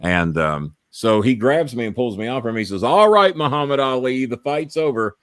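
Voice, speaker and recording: A man's voice: medium pitch, normal speed, smooth, no echo. Guy on his podcast, swearing a lot, rambling through a story, dry close sound. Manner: profane, rambling, animated storyteller. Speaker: podcast host. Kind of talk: casual storytelling on a live stream.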